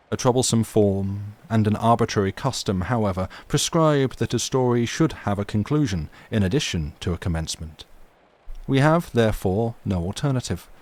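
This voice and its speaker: A man with a fairly low voice reading classic stories aloud for a live stream audience. His narration is measured and dramatic, and between stories he talks casually to his viewers. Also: darkish tone. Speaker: livestream reader.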